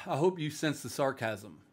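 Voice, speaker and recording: A man's voice: mid-range voice, animated, a little slow, husky. A man hosting a livestream for a streaming platform, talking casually and bluntly to viewers, rambling with lots of "like" and "um". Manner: blunt and rambling, full of "like", "um" and "bro". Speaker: streaming platform staff host.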